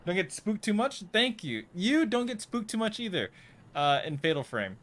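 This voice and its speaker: A man's voice: high voice, very animated, normal speed, a bit bright. A young man casually chatting to viewers while playing a horror game live, jittery and nervous, often trailing off into mumbles. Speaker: livestreamer.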